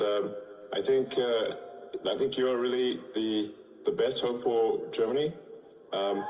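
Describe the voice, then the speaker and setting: A man speaking haltingly over a video link, with many fillers and restarts. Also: fairly low pitch, darkish tone. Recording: echoey clip with background noise.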